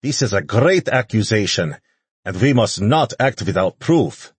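A man's voice: on the low side, big pitch swings, measured pace, slightly rough, no room sound, pitched above the performer's own voice, heavily acted. A man voicing a formal, cautious male advisor addressing his president. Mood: worried.

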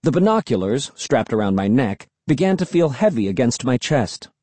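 Husky, mellow-voiced male narrator, lively storybook delivery, dry close mic. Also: medium pitch, normal speed, no room sound. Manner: expressive, first-person storytelling. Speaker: audiobook reader.

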